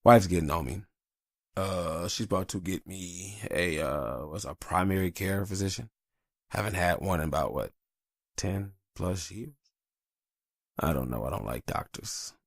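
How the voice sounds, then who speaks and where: A man's voice: low voice, measured pace, vocal fry, no room sound, studio quality. A tired man hosting a podcast in casual, rambling, profane chat. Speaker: podcast host.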